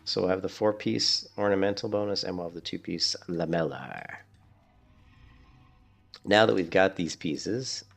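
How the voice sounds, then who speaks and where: A man with a deep, gravelly voice rambles through casual game commentary, restarting his sentences as he goes. Soft music plays in the background. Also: a little slow, long pauses. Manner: rambling, chatty, restarts a lot. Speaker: gaming streamer.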